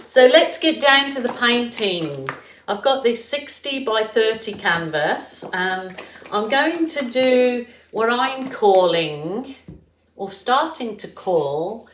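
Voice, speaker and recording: A woman's voice: mid-range voice, lively intonation, slow, reverberant, a little hiss or hum. A middle-aged woman from England with a Birmingham accent, talking viewers through a painting tutorial in a chatty, rambling way with plenty of fillers. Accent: Birmingham English. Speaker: art tutorial host.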